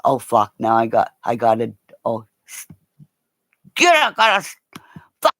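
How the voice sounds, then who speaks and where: Low-pitched, rambling, swearing woman livestreamer. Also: unhurried, no echo. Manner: rambling, profane, talks to viewers; animated, jumps between high and low tones. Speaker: livestream host. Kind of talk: casual livestream chat.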